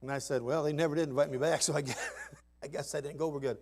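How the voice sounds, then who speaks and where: A man preaching in a church in a folksy, emphatic manner. His voice sits a little higher than most men's, and he swings from quiet asides up to loud climaxes. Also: steady tone, fast. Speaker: pastor. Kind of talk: sermon. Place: church sanctuary.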